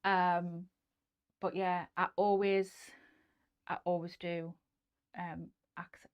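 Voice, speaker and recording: A chatty woman with a Geordie accent hosts a relaxed sewing live stream, rambling through viewer comments with plenty of ums and restarts. Her voice sits a little low, and she often drops to a soft near-whisper. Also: slow pace, clean tone, muffled recording. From North East England.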